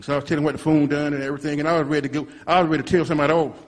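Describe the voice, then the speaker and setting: A man's voice: fairly high pitch, little pitch movement, rapid-fire, in a large hall. A man telling a rambling church testimony, restarting and repeating himself as he goes. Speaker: congregant giving a testimony.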